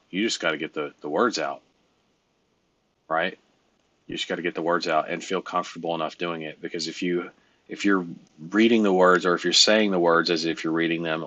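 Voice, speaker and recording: A man's voice: sits low, pushed and bright, no room sound, highs cut off. A man coaching a trainee in sales over a call, blunt and emphatic, rambling through his points.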